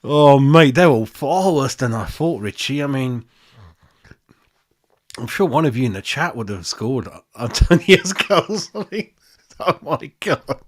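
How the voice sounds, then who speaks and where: A man hosts a football fan channel, reviewing a match on a casual livestream through a desk microphone. He's blunt, laughs a lot, swears, and calls everyone mate, speaking in an animated mid-range voice at a measured pace.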